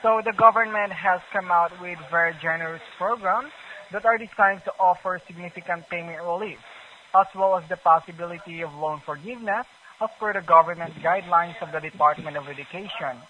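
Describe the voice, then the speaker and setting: A man's voice: high-pitched, brisk, pushed and bright, slight background noise. A male telemarketer on a phone call, reading a sales script with hesitant fillers.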